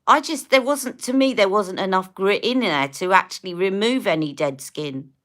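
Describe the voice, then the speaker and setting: A woman's voice: mid-range voice, animated, normal speed, fairly bright tone. A woman in her fifties chatting casually as a beauty live-stream host, rambling while answering viewers' comments and putting on makeup.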